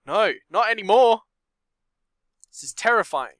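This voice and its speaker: A man's voice: sits high, big pitch swings, a little slow, a bit bright, dry recording. A young man commenting on a game, reading story text aloud with nervous asides and startled outbursts. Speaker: gameplay commentator.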